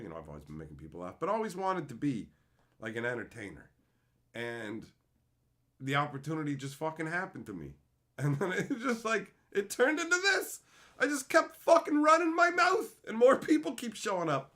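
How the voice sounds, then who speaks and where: An animated male streamer and entertainer with a voice on the high side chats casually with viewers during a livestream. He's profane and laughs often.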